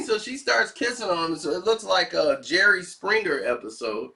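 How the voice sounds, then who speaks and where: A man casually telling a wild story, animated and laughing as he acts out the people involved. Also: fairly high pitch, normal speed, creaky, hardly any pauses. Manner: animated, laughing often, playing the characters. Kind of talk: casual anecdote.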